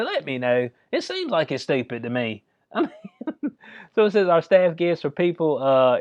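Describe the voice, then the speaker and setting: A man's voice: on the high side, dry recording. A man, casually reading news aloud and joking about it. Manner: laid-back, joking, reads articles aloud. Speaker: commentary vlogger. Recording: dry, dull lo-fi mic.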